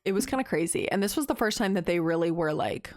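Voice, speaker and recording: A woman's voice: lowish voice, animated, quick pace, a little mellow, no echo, clean studio sound. A young woman co-hosting a podcast, recapping a book in casual, slangy chat and acting out the characters' lines. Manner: chatty, slangy, acts out quotes. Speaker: podcast co-host.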